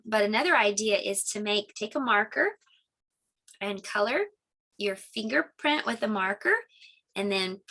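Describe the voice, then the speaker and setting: A woman presenting a children's lesson video, gentle and teacher-like. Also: fairly high pitch. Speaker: homeschool teacher.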